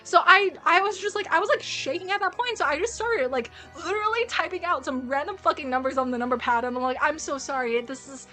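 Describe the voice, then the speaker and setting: A young woman with a high, bright voice tells a story live on stream. She is animated and profane, restarting sentences as she goes. Faint music plays behind her. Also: fast talker, hardly any pauses. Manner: animated, swears a lot, frequent restarts. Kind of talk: casual story time on stream.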